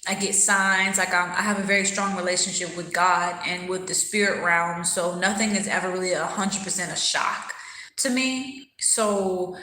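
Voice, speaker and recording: A woman's voice: on the low side, steady tone, moderate pace, bright, forceful tone, echoey room, low-quality recording. A woman hosting a casual livestream, talking candidly and thoughtfully while she eats and answers viewers' comments. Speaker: livestream host.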